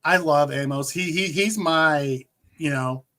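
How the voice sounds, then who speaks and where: A man's voice: on the high side, a little slow, a bit bright. Hesitant man chatting about football. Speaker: sports podcast co-host. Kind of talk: casual live sports chat.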